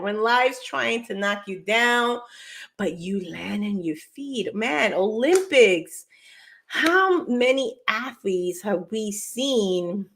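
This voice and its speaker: A middle-aged woman hosting a morning show in energetic, casual chat, talking straight to viewers and her crew. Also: medium pitch.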